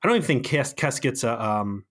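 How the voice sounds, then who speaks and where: Male podcast co-host, mid-pitched, sarcastic and rambling, casual chat. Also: expressive, fairly quick, a bit bright. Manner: rambling, sarcastic, lots of fillers.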